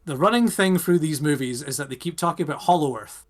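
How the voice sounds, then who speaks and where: A young British man co-hosts a casual podcast, his voice sitting a little high for a man. He rambles with plenty of animated rhetorical questions. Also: fast. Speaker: podcast co-host. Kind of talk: casual chat.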